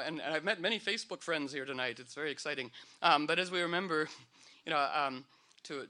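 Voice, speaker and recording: A man with a high, bright, forceful voice addresses a live audience in a rambling, humorous talk. He meanders playfully, full of fillers and restarts.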